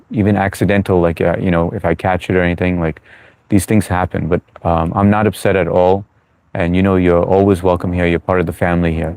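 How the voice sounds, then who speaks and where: Answering viewers during a livestream Q&A from New York, this US-born host sounds low-pitched and a little mellow, with no echo. He's chatty and reassuring, using lots of filler words.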